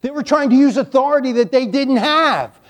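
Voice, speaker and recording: High-voiced emphatic male preacher. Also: normal speed. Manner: emphatic preaching with repeated lines and playful asides. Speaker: pastor. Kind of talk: sermon.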